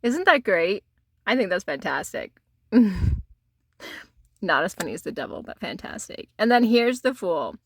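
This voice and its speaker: A woman's voice: mid-range voice, big pitch swings, measured pace, creaky, long pauses, husky, no echo. A woman chatting casually on her vlog as she shows tarot cards, giggling often and filling her talk with "like". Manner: giggly, laughs often while talking; chatty, many "like" fillers. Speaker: tarot vlogger. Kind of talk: casual show-and-tell chat.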